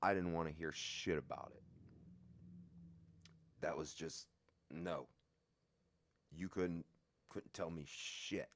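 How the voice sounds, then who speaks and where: A man telling a story from his own life in a casual, profane, lively way. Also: low voice, slow pace, long pauses.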